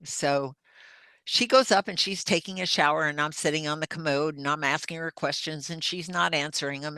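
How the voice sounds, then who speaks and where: A woman's voice: low voice, pushed and bright, dry recording. An older woman, a podcast guest, earnestly recounting a personal story in vivid detail. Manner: earnest, vivid retelling with acted-out dialogue.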